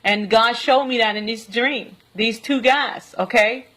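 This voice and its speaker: A woman telling a personal story in a vlog, earnest and rambling, often pausing to check in with "okay?". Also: on the high side, a bit bright. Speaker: vlogger.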